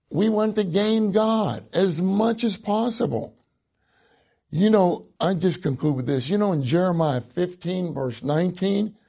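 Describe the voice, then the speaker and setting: A man preaching a sermon, slow and earnest, quoting scripture at length. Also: fairly high pitch, vocal fry, mellow.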